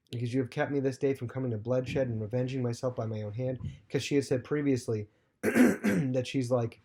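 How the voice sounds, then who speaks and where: Mellow-voiced man teaching a Bible lesson. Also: medium pitch. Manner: loose retelling with many fillers.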